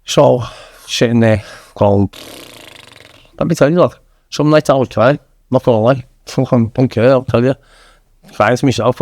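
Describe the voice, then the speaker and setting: This man, in his thirties with a Manchester accent, tells his story on a podcast with bluntness and frequent swearing, peppering it with "lad." He speaks at medium pitch and a moderate pace with long pauses, his tone darkish and the audio echo-free.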